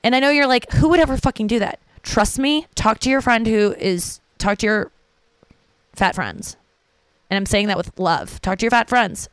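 A woman's voice: medium pitch, clear, resonant tone, dry recording. A young adult woman, a stand-up comedian, hosting a casual solo podcast in a rambling, profane, self-interrupting way.

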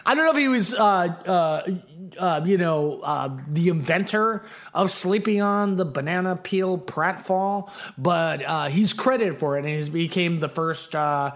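Rambling higher-voiced male podcast host. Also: unhurried, hardly any pauses. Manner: rambling, lots of fillers and restarts. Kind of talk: casual chat.

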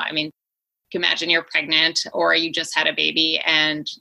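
A middle-aged woman speaks as an interview guest, eager and quick, full of restarts. Her voice sits a little low but rings bright and forceful. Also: completely flat delivery, creaky, poor audio. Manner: enthusiastic, quick, fillers and restarts. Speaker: guest, company founder. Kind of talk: conversational interview.

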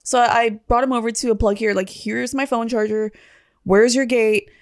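Brief: high-voiced woman, lively casual storyteller in a podcast chat. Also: normal speed, no echo, studio quality. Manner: animated storyteller, acts out quoted voices with big pitch jumps.

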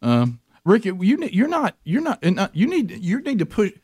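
A man in casual chat, telling an animated story and often stumbling over repeated words. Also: high-pitched, moderate pace, slightly rough, no room sound, clean studio sound. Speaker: storyteller guest.

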